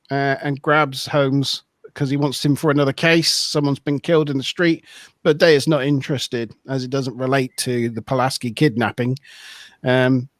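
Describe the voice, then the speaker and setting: A man's voice: a little high, no echo. A man hosting a casual episode recap over a video call, rambling, correcting himself and laughing often. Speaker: podcast host.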